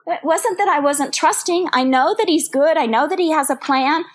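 A woman's voice: high-pitched, normal speed. An older woman teaching a women's Bible study, earnest and personal, repeating phrases for emphasis. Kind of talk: sermon.

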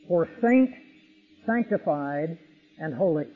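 A man's voice: fairly high pitch, normal speed. A man preaching an expository sermon, emphatic, with vivid illustrations. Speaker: pastor. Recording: tinny radio broadcast with long reverb.

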